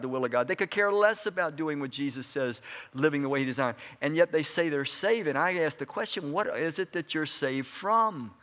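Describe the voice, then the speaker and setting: A man's voice: fairly high pitch, fairly bright tone. A man preaching a sermon in a conversational way, asking his congregation questions and answering them. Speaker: pastor. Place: church hall before a congregation.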